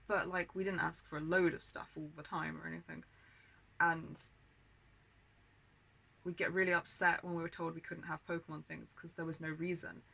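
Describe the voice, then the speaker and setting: A British woman with a bright voice tells personal stories from her childhood. She talks candidly and with a grievance, swearing often and leaning on filler words. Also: deep voice, flat delivery, moderate pace, gravelly, pauses often, poor audio. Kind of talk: personal storytelling monologue.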